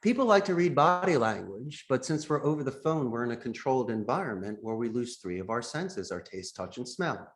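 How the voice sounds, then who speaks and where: A man on a podcast teaching phone sales, his voice sitting at an ordinary middle pitch. He talks like a coach, jumping into little acted-out phone calls to show each technique. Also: animated, a little fast, hardly any pauses. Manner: acts out sample phone calls as he explains. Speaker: call center founder, podcast guest.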